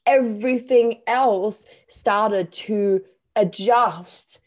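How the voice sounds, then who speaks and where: A woman's voice: medium pitch, drawn-out words, darkish tone. A woman hosting a casual conversation, talking with enthusiasm and emphasis and swearing now and then. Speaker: podcast host.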